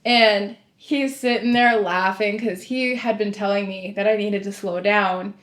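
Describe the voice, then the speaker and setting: A woman's voice: medium pitch, a little slow. A young woman, a former sheriff's deputy telling stories in a casual podcast chat and acting out the dialogue. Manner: animated storyteller, acts out quoted dialogue, laughs often. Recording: echoey room.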